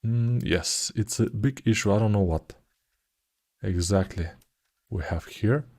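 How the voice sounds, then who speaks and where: A forty-something man with a fairly low voice explains his 3D modeling steps at the computer. He speaks in a low-key, unhurried way, sinking to a murmur while he concentrates and slipping in dry joking asides. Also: a little mellow. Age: 40s. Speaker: 3D modeling tutor. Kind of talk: live commented modeling tutorial.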